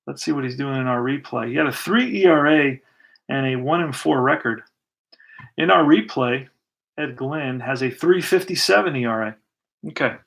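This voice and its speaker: A relaxed man narrates and hosts a tabletop baseball replay in casual play-by-play fashion, thinking aloud while rolling dice and pulling cards. He talks at a moderate pace in a medium-pitched, creaky voice.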